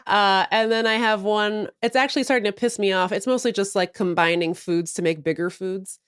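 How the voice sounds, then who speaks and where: A woman's voice: mid-range voice, brisk, clear, resonant tone, no room sound. A woman co-hosting a podcast livestream, chatting casually and ranting with mock outrage and plenty of swearing. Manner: animated, profane, mock-outraged storytelling. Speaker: podcast co-host.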